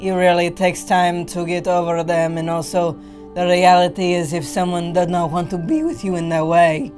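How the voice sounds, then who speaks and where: A woman giving steady, earnest breakup advice in a put-on character voice. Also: lowish voice, moderate pace, soft background music. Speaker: guest giving dating advice.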